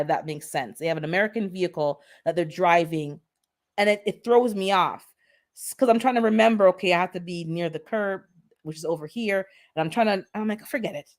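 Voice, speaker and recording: Chatty Jamaican woman, low voice. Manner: lively, chatty storyteller. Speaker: gardening channel host. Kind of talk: casual livestream chat.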